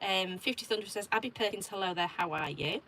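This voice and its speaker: A woman's voice: medium pitch, fast talker, background noise. A woman with an English accent hosting a show, telling stories in casual chat and reading viewer comments aloud. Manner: animated storyteller, reads viewer comments aloud. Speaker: show host.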